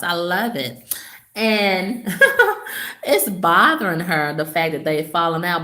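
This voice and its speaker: A woman talks straight to her viewers in a relaxed vlog, spinning gossip with sass and sudden jumps in pitch. Her voice sits a little low and she takes her time. The room around her is echoey. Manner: sassy, gossipy storytelling with dramatic swoops in pitch. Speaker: vlogger. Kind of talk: casual vlog storytelling to viewers.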